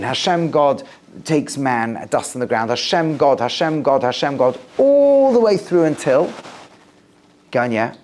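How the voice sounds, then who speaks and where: A rabbi giving a lively Torah lecture to a class, with rising emphatic stresses and low, quiet recitation of Hebrew verses. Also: male voice, a little hiss or hum.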